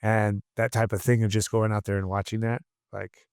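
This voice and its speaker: A man's voice: lowish voice, little pitch movement, normal speed, a little mellow, clear, resonant tone, no echo, clean studio sound. A man coaching combat sports, telling stories in a casual interview, blunt and profane with many restarts.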